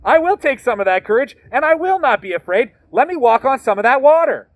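A man's voice: extremely high pitch, very animated, brisk, voice pushed up. A man voicing an eager, bold male disciple in a playful, boastful way as he retells a Bible story.

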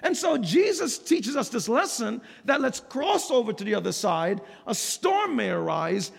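Pastor guy preaching, high lively voice, gravelly, big echoey church. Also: a little slow, few pauses. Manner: lively, emphatic, laughs often. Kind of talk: sermon. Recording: long hall reverb.

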